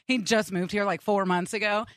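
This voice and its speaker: A woman's voice: mid-range voice, steady tone, normal speed, a bit bright, no echo, studio quality. A young woman co-hosting a morning radio show, telling a story with lots of laughter and acted-out dialogue.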